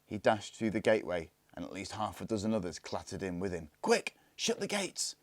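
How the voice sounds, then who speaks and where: A man reading a children's storybook aloud, calm and hushed in tense parts. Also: low voice, fast, no echo. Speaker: story reader. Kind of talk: storybook narration.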